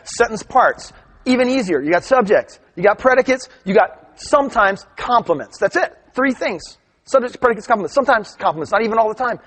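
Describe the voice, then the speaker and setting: A middle-aged man giving a live teaching talk, lively and chatty, often checking in with "right?". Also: sits high. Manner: animated storytelling, asks "right?" often. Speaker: workshop presenter.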